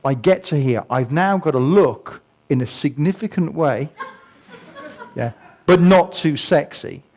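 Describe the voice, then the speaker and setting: A man's voice: a little high, animated, a little slow, darkish tone. An older man giving a humorous talk to an audience, telling stories with self-mocking asides and sound effects. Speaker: guest speaker. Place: museum talk before a live audience.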